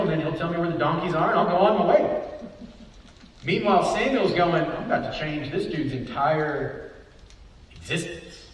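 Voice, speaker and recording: A man preaching a Bible study sermon, often asking rhetorical questions and adding "right?". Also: a little high. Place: church hall. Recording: echoey hall, voice from far off.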